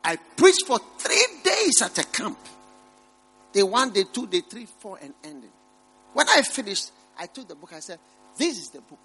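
A middle-aged man preaching a sermon, rising to loud emphatic peaks and dropping to low murmured asides. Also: huge pitch swings, moderate pace, husky. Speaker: pastor.

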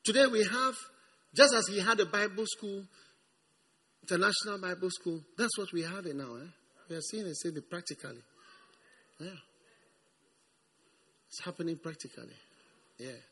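A man preaching a sermon with emphasis, repeating words and swinging from hushed reading to shouted lines. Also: high-pitched, moderate pace, pauses often, slightly rough. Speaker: pastor.

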